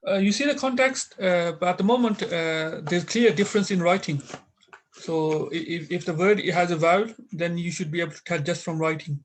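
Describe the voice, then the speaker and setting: Brief Male Arabic teacher, raised voice, patient and halting, video call. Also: high voice. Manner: explains patiently with many fillers and restarts. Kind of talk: online interactive class.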